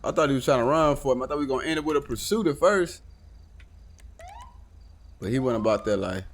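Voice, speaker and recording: A man casually commenting on a live game stream, talking to himself with swearing and sudden loud outbursts. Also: medium pitch, expressive, quick pace, a little hiss or hum.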